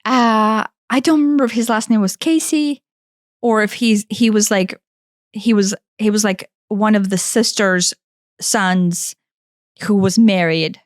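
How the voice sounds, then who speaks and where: Brief: a woman, animated and rambling, recorded very dry and close. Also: mid-range voice, unhurried, no room sound. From Kentucky, USA. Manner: animated, rambling, with frequent restarts and "like". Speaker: podcast co-host. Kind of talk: casual storytelling chat.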